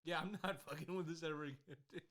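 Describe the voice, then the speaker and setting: Male co-host, casual and profane, laughs a lot, voice sits a bit high. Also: fairly even intonation, fast, crowd noise. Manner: loud, laughing, crude banter. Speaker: podcast co-host. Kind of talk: casual chat.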